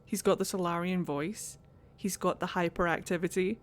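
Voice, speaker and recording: A woman streaming a game, gushing and excitable, often repeating her words. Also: fairly low pitch, normal speed. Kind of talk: casual gameplay commentary.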